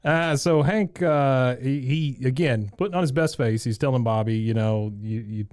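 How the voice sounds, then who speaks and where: A man's voice: mid-range voice, normal speed, darkish tone, clean tone, dry recording, studio quality. A man co-hosting a podcast, recapping a cartoon episode in casual chat, laughing often and acting out characters' lines in raised voices. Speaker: podcast co-host.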